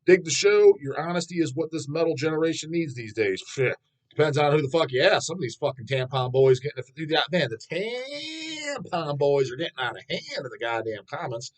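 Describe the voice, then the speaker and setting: A man's voice: on the high side, very animated, fairly quick, poor audio. A man in his thirties who hosts his own channel, answering fan questions in a rambling, blunt monologue full of swearing. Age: 30s. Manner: profane, blunt, swears constantly, laughs at himself.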